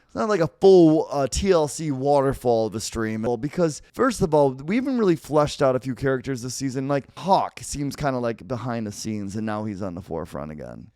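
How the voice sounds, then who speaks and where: A man's voice: mid-range voice, animated, brisk, warm tone, no echo. This is a man hosting a casual review podcast, chatting loosely with plenty of "like" and "uh". His voice sits in an ordinary middle range. The sound is dry and close, with no room around it. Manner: loose, joking, filler-heavy. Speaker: podcast host.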